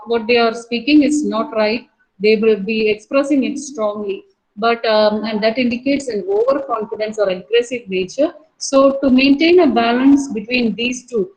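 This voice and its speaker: A woman teacher with an Indian English accent, giving a lecture to a college class. She explains slowly, repeats herself and uses many fillers. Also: on the high side, a little mellow, poor audio.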